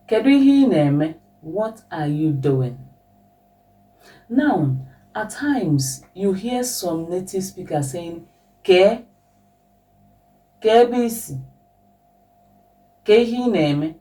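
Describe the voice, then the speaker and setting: Slow, patient woman teaching a language. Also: on the low side, far from the mic, rough recording. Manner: slow, patient, repeats example phrases with lively question intonation.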